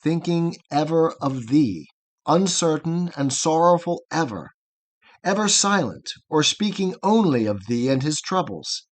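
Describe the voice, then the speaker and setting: A hearty older herdsman and former blacksmith speaks in a cheerful, reassuring way, as a man reading a narrative poem gives him voice. His voice sits slightly high for a man. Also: animated, measured pace.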